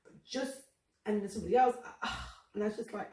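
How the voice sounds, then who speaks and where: A woman's voice: mid-range voice, fairly quick, a little mellow, a little hiss or hum. Earnest woman in an echoey room. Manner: earnest, emotional, confessional. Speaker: faith podcast host. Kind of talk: candid personal faith reflection. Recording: roomy echo, distant from the mic.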